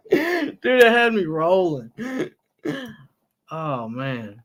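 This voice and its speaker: This man runs a casual live stream, wandering through funny anecdotes with plenty of laughter and uncensored swearing. Occasionally he slips into squealing, high-pitched impressions. His pace is slow, with long pauses.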